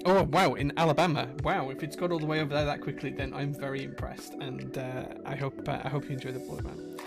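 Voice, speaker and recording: A man's voice: mid-range voice, gravelly. A man hosting a casual livestream, greeting viewers by name in a friendly, rambling way with lots of fillers. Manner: friendly, rambling, reads chat names aloud with fillers. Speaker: livestream host, keyboard builder. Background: music playing.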